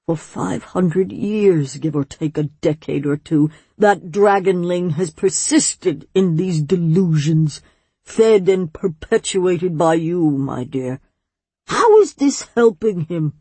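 A pompous, ancient swamp monster, as a woman reading a storybook puts him on, lecturing in a mild, grand way. His delivery is slow and a little husky. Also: on the low side, lively intonation, dark tone, dry recording, heavily acted.

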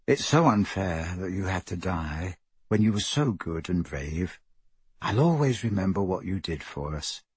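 A man voicing a soft-spoken, dreamy teenage girl in an audiobook, speaking gently. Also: on the low side, lively intonation, a little slow, few pauses, husky, no echo, exaggerated voice. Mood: tender.

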